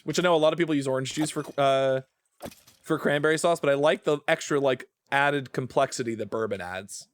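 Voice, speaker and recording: A male streamer chatting casually with his viewers as he plays. He rambles, trails off mid-sentence and laughs easily. His voice sits fairly high and sounds close and dry. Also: no room sound. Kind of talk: casual gaming stream chat.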